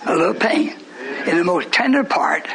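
A man preaching a sermon with fervent conviction, swinging between shouted declarations and hushed asides. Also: high voice, lively intonation, normal speed, crowd noise, poor audio. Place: church service. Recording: live recording with congregation noise. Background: congregation calling out responses.

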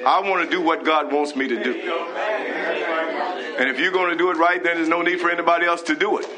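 A pastor preaches with fervor, his voice sitting a touch high for a man. He scolds and exhorts, dropping in hallelujahs and praises. The sound of a gathered congregation runs behind him throughout. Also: fairly even intonation, fast talker, over a noisy crowd. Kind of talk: sermon broadcast live.

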